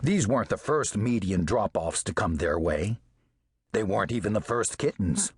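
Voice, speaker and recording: Expressive male audiobook narrator, husky. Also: lowish voice, moderate pace, no room sound, clean studio sound. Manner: expressive, storytelling.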